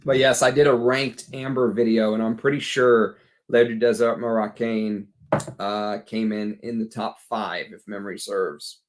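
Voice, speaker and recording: A man's voice: on the low side, steady tone, normal speed, a little hiss or hum. A man with a Texas accent hosting a casual livestream, tired after a long workday, chatting bluntly and answering viewers' comments. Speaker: fragrance livestream host.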